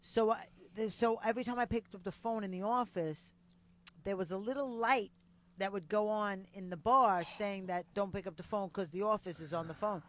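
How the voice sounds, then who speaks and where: A woman's voice: mid-range voice, moderate pace, rough recording. A woman co-hosting a podcast, telling a story in casual chat, often trailing off with "whatever".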